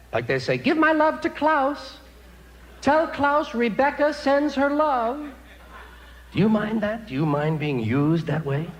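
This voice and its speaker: Male stand-up comic, wry and sardonic, raised pitch, live stage recording. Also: gravelly, slight background noise. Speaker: stand-up comedian. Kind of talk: stand-up comedy routine. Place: stage before a laughing audience.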